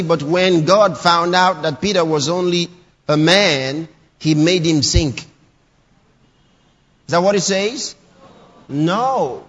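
A man's voice: sits high, husky. A man preaching a sermon, emphatic and repetitive, reading scripture lines aloud and pressing them home. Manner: emphatic, repeats scripture lines, rising to shouts. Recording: dull lo-fi sound with long hall reverb.

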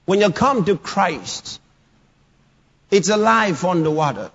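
A man preaches a sermon, emphatically reading scripture lines aloud, repeating them, pressing them home, and rising to shouts. His high, husky voice has vocal fry, big pitch swings, and a slow pace, in dull lo-fi sound with long hall reverb.

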